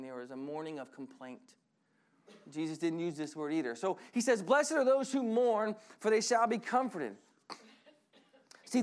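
A male pastor preaching with lively, conversational energy. His voice sits high for a man. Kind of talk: sermon.

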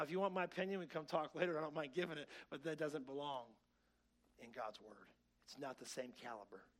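A man pastor preaching a sermon, swinging between loud, excited preaching and quiet asides to his church, wearing a clip-on mic. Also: mid-range voice. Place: church sanctuary. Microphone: clip-on mic that keeps slipping.

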